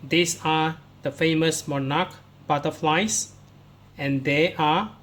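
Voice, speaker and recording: A male English teacher talks pupils through workbook answers one by one. He speaks slowly, with a slightly raised pitch, and keeps coming back to "so" as he reads the text aloud and points out where each answer is found. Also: a bit bright. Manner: slow, explains step by step, starts lines with "so".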